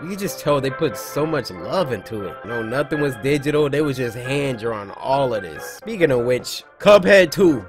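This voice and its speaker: A man giving lively let's play commentary, joking and shouting as he plays a horror game. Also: medium pitch, moderate pace, few pauses, music in the background. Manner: animated, yelps and jokes while playing. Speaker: gaming video host.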